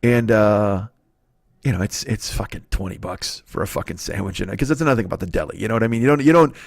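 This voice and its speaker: A man's voice: fairly low pitch, fast talker, vocal fry, dry recording, studio quality. Profane man telling a comic story. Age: 40s. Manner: profane, animated, exaggerating. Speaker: comedy podcast host. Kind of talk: comedic storytelling monologue.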